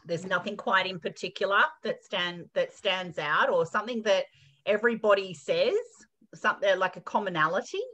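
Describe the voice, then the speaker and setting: A woman's voice: medium pitch, moderate pace, sharp tone, highs cut off. A woman radio show host interviewing a guest, speaking in encouraging, long flowing sentences. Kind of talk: conversational interview.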